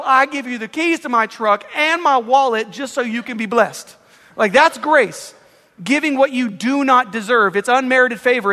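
Bright-voiced male pastor preaching. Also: very high-pitched, long reverb tail. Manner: emphatic, conversational preaching with acted-out examples. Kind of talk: sermon.

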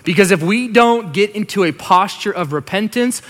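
A male pastor delivering a sermon with slow, emphatic lines and soft, hushed asides. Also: high-pitched, animated. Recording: long hall reverb.

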